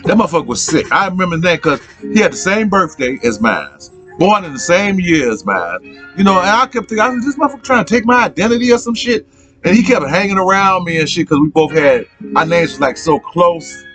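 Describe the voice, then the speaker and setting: A middle-aged man telling stories in a casual podcast chat, profane and animated, often repeating his lines. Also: fairly high pitch, brisk, soft background music. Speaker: podcast host. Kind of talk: casual storytelling.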